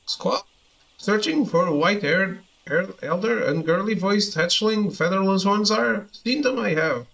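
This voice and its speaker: Guy doing a squawky high bird-beast, sneaky and groveling, talks all backwards. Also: lively intonation, measured pace, vocal fry, fairly bright tone, exaggerated voice, rough recording. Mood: pleading. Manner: squawks, inverted word order, pleading. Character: cowardly male bird-man beast, fawning and sly. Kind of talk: reading game dialogue aloud.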